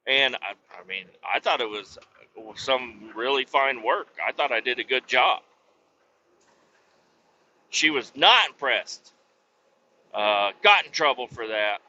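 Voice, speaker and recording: A man hosting a podcast, telling rambling childhood stories full of swearing and flying into loud rants. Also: medium pitch, lively intonation, takes it slowly, long pauses, lo-fi sound, slight background noise. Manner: rambling, swears a lot, rants loudly when interrupted. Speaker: podcast host. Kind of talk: profane comedic storytelling.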